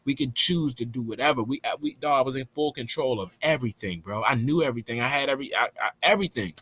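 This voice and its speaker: A young man telling a rambling, profane story in a casual, animated way. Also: mid-range voice, quick pace, breathy edge.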